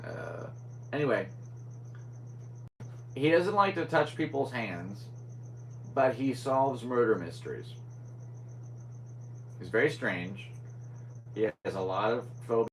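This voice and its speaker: A man's voice: mid-range voice, lively intonation, slow pace, pauses often, fairly bright tone, a little hiss or hum, rough recording. A young man hosting a casual solo podcast, rambling and scatterbrained as he chats. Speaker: podcast host.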